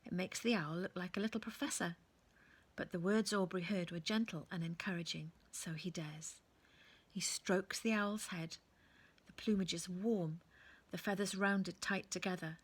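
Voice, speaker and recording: A woman reading a children's book aloud in a gentle, often hushed storytelling manner. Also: on the low side, steady tone, moderate pace, husky.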